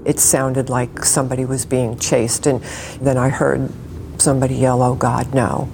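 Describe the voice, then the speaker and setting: Woman, very deep, flat, a bit gravelly, calm interview recollection, soft music behind. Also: normal speed, slight background noise. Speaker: witness, nurse. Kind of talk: recounting in interview.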